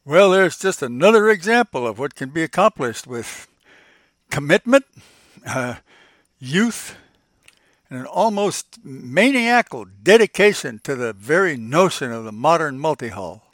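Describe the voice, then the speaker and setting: A man's voice: on the high side, big pitch swings, measured pace, a bit bright, no echo, clean studio sound. An older man hosting a podcast, telling old stories in a folksy, reminiscing way and chuckling often as he goes. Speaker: podcast host. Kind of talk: casual reminiscing storytelling.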